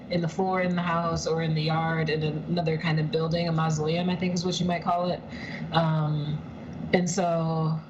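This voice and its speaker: Calling from her apartment with the heater running, a woman tells a personal story in a chatty, heartfelt way, full of "like" and "um." Her voice sits low, the highs are cut off, and there's background noise.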